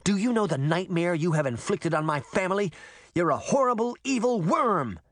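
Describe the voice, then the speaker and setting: A man's voice: high voice, sing-song, moderate pace, dry recording, studio quality, voice pushed up. A man voicing a fiery, determined young girl who speaks heatedly and indignantly.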